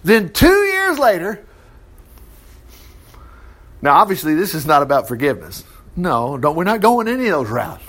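Preacher, high voice, big swings, wry asides. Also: male voice, big pitch swings, quick pace, a bit bright. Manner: folksy asides, wry commentary. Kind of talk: sermon, conversational storytelling.

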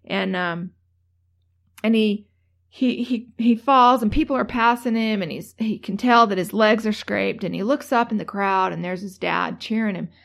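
A woman's voice: medium pitch, normal speed, gravelly. A woman giving a motivational talk, telling stories in a chatty way full of fillers and restarts. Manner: chatty, many fillers and restarts, lively when telling a story. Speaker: motivational speaker.

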